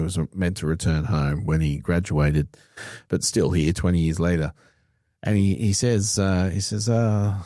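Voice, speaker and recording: A man co-hosting a podcast, with a very low, mellow voice. He is blunt and opinionated, and he curses casually. The sound is close and dry, with no room around it. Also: no room sound. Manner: blunt, opinionated, swears freely. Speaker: podcast co-host.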